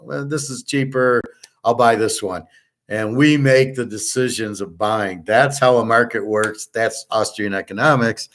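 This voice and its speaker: A man's voice: mid-range voice, a bit bright. A middle-aged man hosting a betting and economics class, talking in a blunt, profane, rambling rant and lecturing listeners as his students. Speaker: host.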